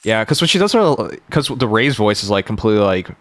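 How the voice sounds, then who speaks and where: A man's voice: lowish voice, sing-song, a little fast, no echo. Young male streamer thinking aloud, dry mic. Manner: thinking aloud, planning teams. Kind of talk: casual gaming livestream chat.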